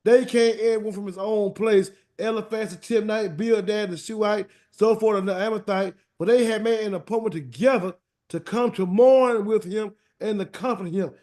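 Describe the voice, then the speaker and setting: Man, Bible study teacher, high voice, animated, colloquial, repeats words, live prayer. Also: moderate pace, hardly any pauses. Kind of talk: weekly scripture word study and prayer. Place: meeting room streamed live.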